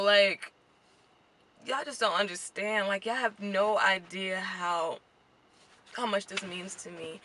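A woman's voice: medium pitch, unhurried, a bit bright, slight background noise. Emotional woman vlogging from a car. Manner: chatty and emotional, near tears, says "y'all" often. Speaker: beauty vlogger. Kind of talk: casual vlog to camera. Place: car parked at a gas station.

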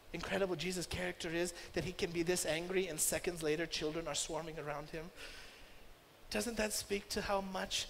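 High-voiced man preaching in a reverberant church. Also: vocal fry, slight background noise. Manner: emphatic, swinging between loud stresses and hushed asides. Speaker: pastor. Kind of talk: sermon. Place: church sanctuary. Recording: long church-hall reverb.

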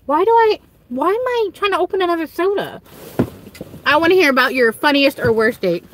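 Giggly Southern woman, lively high voice. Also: fairly quick, slight background noise. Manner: loud giggly, swings into high squealing quotes. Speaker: livestream host. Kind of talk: casual livestream chat.

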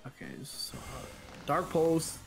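A man co-commentating a competitive game as a guest, talking through plays quickly and analytically. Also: fairly high pitch, vocal fry, soft background music. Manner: quick, analytical, frequent restarts. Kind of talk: casual commentary over gameplay.

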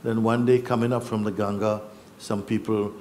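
A man telling a personal story in a reflective, halting way, acting out what others said. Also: lowish voice, flat delivery, darkish tone, slight background noise. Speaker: spiritual teacher.

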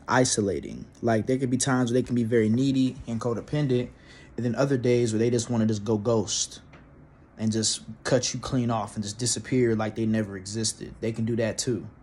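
A man's voice: medium pitch, darkish tone. A young man with a mid-range voice talks through a personal story in a loose, rambling way, swearing often and restarting his sentences. A faint hiss of noise sits behind him. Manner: profane, rambling, with frequent restarts and fillers. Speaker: vlogger telling a personal story. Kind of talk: casual storytelling monologue.

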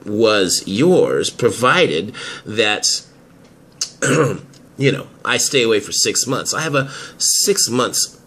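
A man playing a smug, scheming man in a hobby audio drama, talking slowly and chuckling as he gloats. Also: on the low side, very animated, a bit bright, exaggerated voice. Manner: slow and gloating, chuckles between lines.

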